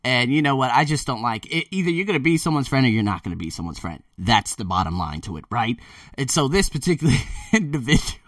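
A man talking casually to his viewers, emphatic and animated, often repeating himself. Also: medium pitch, quick pace, no echo, studio quality, distant mic. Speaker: vlogger. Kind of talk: casual monologue to camera. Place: Thailand.

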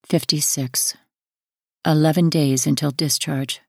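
Low gravelly woman reading her memoir, measured, dry close sound. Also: steady tone, a little mellow, no echo. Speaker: audiobook narrator. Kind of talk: first-person memoir narration.

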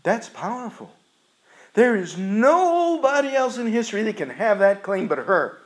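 A male preacher delivers a sermon with earnest emphasis. His voice sits a little high for a man, and he moves through the story at an unhurried, deliberate pace. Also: big pitch swings, poor audio.

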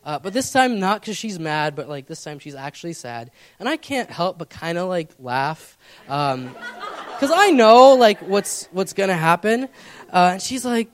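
A young pastor delivers a storytelling sermon, recounting a personal story casually and ramblingly with plenty of fillers. His voice sits high and has a sing-song quality at a normal pace.

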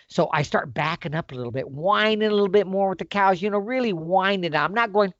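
A man's voice: high voice, fairly quick, few pauses, no echo. A middle-aged man telling a hunting story in a casual, folksy way. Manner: animated, folksy storyteller with lively swings. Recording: dull, lo-fi dry sound.

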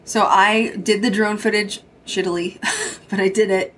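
A woman's voice: medium pitch, flat delivery, normal speed, slight background noise. A young adult woman hosting a podcast, telling a spooky road-trip story in a casual way, cursing freely and acting out what others said. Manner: swears freely, quotes others in dialogue. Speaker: podcast host.

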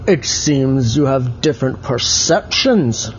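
A man voicing a teasing, cryptic stone dragon statue that has come to life, speaking slowly and deliberately in a bedtime story. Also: mid-range voice, lively intonation, dull audio, slight background noise.

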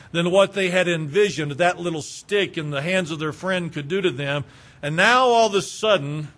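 A man's voice: a little high, fairly bright tone. A man preaching a sermon as pastor, building with rhetorical questions.

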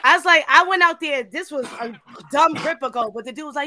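A woman co-hosting an interview show, telling an animated story in casual chat and giggling often. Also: sits high, quick pace, few pauses. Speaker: podcast co-host.

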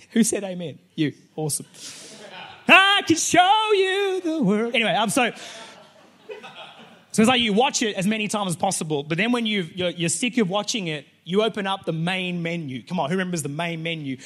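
A man who is a pastor, giving a sermon in a joking, lively way to a congregation. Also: fairly high pitch.

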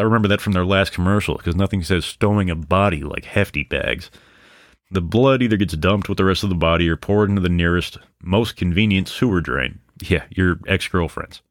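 There's no room sound and the studio audio is clean as a deep-voiced podcast host works through a true-crime case from a mic on a stand. Now and then he breaks off with sarcastic, profane remarks.

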